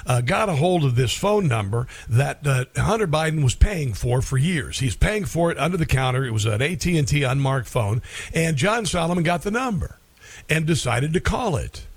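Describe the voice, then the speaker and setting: A man's voice: a little high, normal speed, breathy edge, dry recording. Sarcastic male talk radio host. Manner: animated, sarcastic, many fillers. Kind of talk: opinionated talk radio monologue.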